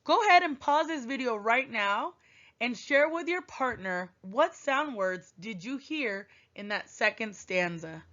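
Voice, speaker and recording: A patient woman teacher talks to first graders in a recorded lesson, her voice rising and falling a lot. She repeats each instruction slowly and clearly. The sound is a bit dull and lo-fi. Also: on the high side, expressive, bright, forceful tone. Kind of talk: recorded classroom lesson for young children.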